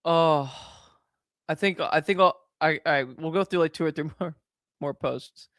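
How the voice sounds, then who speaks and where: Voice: mid-range voice, measured pace, a bit bright, no room sound, studio quality. A streamer giving casual reaction commentary on posts, reading them aloud, saying dude and man, and breaking into laughter again and again. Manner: slangy and loose, says dude and man.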